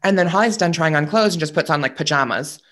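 Chatty man telling animated stories. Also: a little high, fast talker. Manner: animated storyteller, chatty with many fillers. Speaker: podcast guest. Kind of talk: casual chat.

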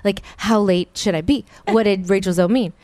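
A woman's voice: mid-range voice, fairly even intonation, normal speed, darkish tone, no room sound. Chatty woman podcast host, dry sound. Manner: emotional, chatty, says "like" often. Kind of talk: casual chat.

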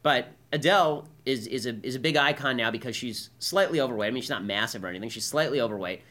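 Fast, bright-voiced combative male commentator. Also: medium pitch. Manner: combative, emphatic, keeps asking "right?". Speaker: political commentary host. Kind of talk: monologue commentary.

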